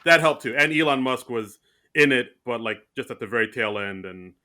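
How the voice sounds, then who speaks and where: Male podcast co-host, bright tone, animated and self-mocking, casual chat. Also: medium pitch, moderate pace. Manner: animated, self-mocking, talks in bursts with restarts.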